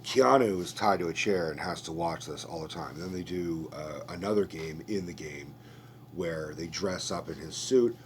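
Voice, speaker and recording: A man hosts a podcast, talking through a film in a loose, rambling way full of swearing and asides. His voice sits very low, with a faint hum underneath. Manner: rambling, profane, conversational. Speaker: podcast host. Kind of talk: casual movie review rant.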